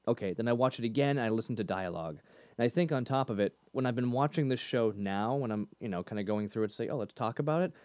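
A man's voice: mid-range voice, a little mellow, dry recording. Rambling, chuckling podcast guy. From near Boston. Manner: rambling, self-deprecating, quick to laugh. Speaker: podcast co-host. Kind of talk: casual chat.

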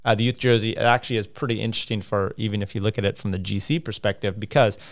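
A man's voice: on the low side, fairly even intonation, fast. A man hosting a casual cycling livestream, rambling with lots of fillers and restarts as he talks through standings and viewer comments.

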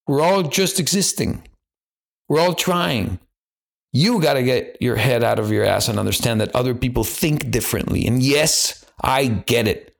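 A man's voice: moderate pace, vocal fry. Blunt, profane man ranting. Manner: swings between loud exhortation and low, earnest lulls. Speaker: podcast host. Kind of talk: impassioned monologue.

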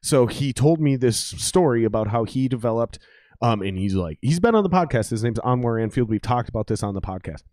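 A man in his thirties hosts a casual podcast chat in a light Minnesotan accent. He tells stories in an animated, profane way and leans on fillers. The sound is close and dry, with no room in it. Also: medium pitch, fairly quick, dry recording. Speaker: podcast host.

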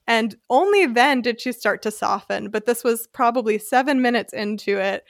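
An American woman hosting a podcast, telling a personal story in a casual, animated way and acting out the voices she quotes. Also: a little high, normal speed, creaky, few pauses, no room sound, clean studio sound. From United States. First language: English. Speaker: podcast host.

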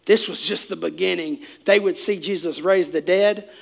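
A man preaching a sermon, speaking straight to the congregation, swinging from shouts down to hushed near-whispers. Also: sits high, normal speed, gravelly. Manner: preachy, direct address to congregation. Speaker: pastor.

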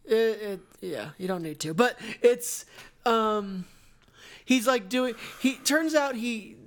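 A woman co-hosting a podcast, chatting frankly about a movie and giving her verdict at a measured pace. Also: a little high, animated. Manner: frank, joking, measured when rating. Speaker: podcast co-host. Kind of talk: casual film review chat.

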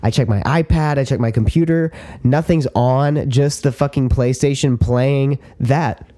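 Excitable swearing male podcast co-host. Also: mid-range voice, unhurried. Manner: excitable, swears a lot, retells stories with quoted voices. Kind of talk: casual chat.

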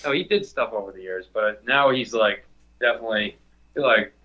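A man co-hosting a sports podcast, talking in an animated, rambling way with frequent restarts. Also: lowish voice, normal speed, dull audio. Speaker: podcast co-host. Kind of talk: casual sports chat.

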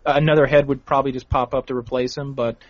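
A man's voice: medium pitch, flat delivery, quick pace, no room sound. A man chatting casually on a podcast, blunt and matter-of-fact, sometimes crude. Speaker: podcast co-host. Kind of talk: casual chat. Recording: dull lo-fi dry recording.

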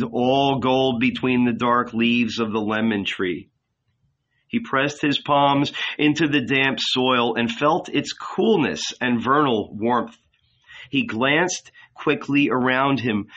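A man narrating a novel as an audiobook in a measured, dramatic reading. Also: mid-range voice, bright, forceful tone, highs cut off.

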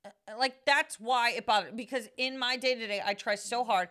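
A woman co-hosting a casual podcast chat, talking bluntly with plenty of swearing and telling stories in an animated way. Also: on the high side, brisk, smooth. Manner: blunt, profane, defensive, animated storyteller. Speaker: podcast co-host.

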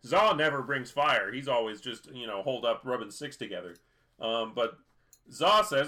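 A man's voice: mid-range voice, expressive, normal speed, bright, forceful tone. A man co-hosting a podcast, casually recapping an episode in a rambling way, with lots of fillers and restarts. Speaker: podcast co-host.

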